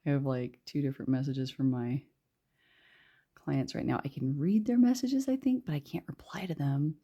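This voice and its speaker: A woman giving a tarot reading in a soft, hushed voice that often drops to a whisper, rambling with many fillers. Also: rumbling low, normal speed, husky. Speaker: tarot reader.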